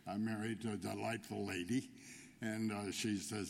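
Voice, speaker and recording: Male deacon, mid-pitched, preaching unhurriedly in a reverberant church. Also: big pitch swings, gravelly, noisy background. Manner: storytelling, unhurried, builds to punchlines. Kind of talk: homily with a joke.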